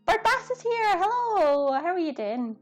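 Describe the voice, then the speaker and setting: A woman's voice: very high-pitched, big pitch swings, a little slow, soft background music. A woman chatting casually to her viewers during a live cooking stream, giggling often.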